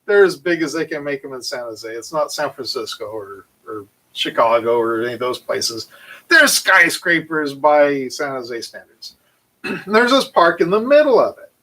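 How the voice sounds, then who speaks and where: A man casually telling a long, animated story full of fillers and restarts. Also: mid-range voice, normal speed, low-quality recording. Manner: animated, rambling anecdote with frequent fillers. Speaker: channel host.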